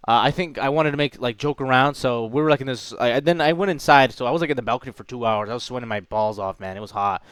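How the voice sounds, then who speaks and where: A man's voice: medium pitch, fast, few pauses, fairly bright tone, clean tone, dry recording, clean studio sound. A man in his twenties telling a story in a casual vlog, rambling along with lots of fillers and calling the listener dude and man. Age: 20s. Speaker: vlogger.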